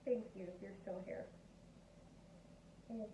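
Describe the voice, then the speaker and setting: A woman's voice: medium pitch, fairly even intonation, takes it slowly. A woman giving a casual tarot reading, bubbly, laughing often and acting out quoted reactions. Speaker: tarot reader. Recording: echoey, tinny phone-like sound with faint noise.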